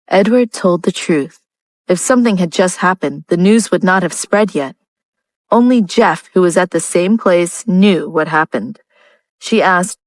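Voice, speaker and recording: A woman narrating a romance audiobook in a steady, even reading style. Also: on the low side, normal speed, dry recording, rough recording. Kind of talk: scripted narration.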